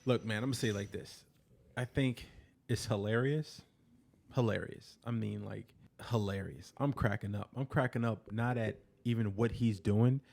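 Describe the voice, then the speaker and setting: A man's voice: fairly low pitch, steady tone, normal speed, gravelly, a little mellow. A man co-hosting a casual podcast who rants bluntly, laughing and swearing. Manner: blunt, laughing, profane ranting. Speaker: podcast co-host.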